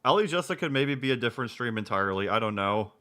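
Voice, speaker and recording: A man's voice: medium pitch, lively intonation, quick pace, pushed and bright. A man in his twenties, casually commenting on a live stream, rambling and repeating himself. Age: 20s.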